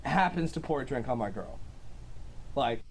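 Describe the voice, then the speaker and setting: A man's voice: medium pitch, expressive, moderate pace, creaky, a little hiss or hum. A young man telling his side of a clash in a casual, hesitant way, full of ums and likes. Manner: rambling, hesitant, with many fillers. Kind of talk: casual storytelling.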